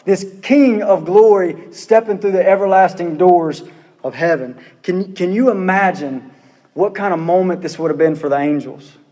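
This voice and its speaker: Pastor guy preaching, kinda high voice, lots of questions, church hall echo. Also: moderate pace, warm tone. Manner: earnest preaching, rhetorical questions, repeats phrases. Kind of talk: sermon.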